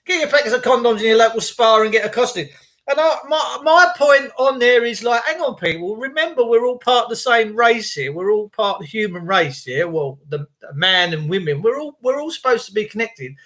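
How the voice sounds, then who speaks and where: A man's voice: very high-pitched, animated, a little fast, fairly bright tone. A man, hosting a casual livestream, rambling and indignant as he greets viewers by name. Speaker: livestream host.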